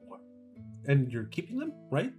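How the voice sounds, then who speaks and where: A man's voice: mid-range voice, huge pitch swings, normal speed, warm tone, faint music behind. A man in casual chat who rambles, repeats himself and laughs often. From Chicago area.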